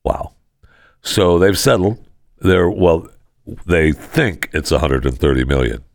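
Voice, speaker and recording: Sardonic man with a gravelly low voice. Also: lively intonation, takes it slowly, no room sound. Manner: sardonic, mocking asides. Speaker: host. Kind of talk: sarcastic news commentary.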